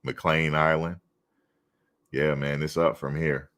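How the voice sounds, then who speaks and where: Male stream host, very low voice, laid-back teasing banter. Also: flat delivery, slow pace, fairly bright tone. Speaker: host of a fan livestream. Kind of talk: casual chat reading live comments.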